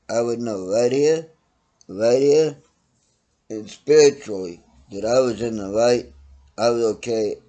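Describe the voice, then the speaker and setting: A middle-aged man ranting his opinions bluntly and profanely, swinging from loud outbursts to low mutters. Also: husky. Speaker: vlogger ranting to camera.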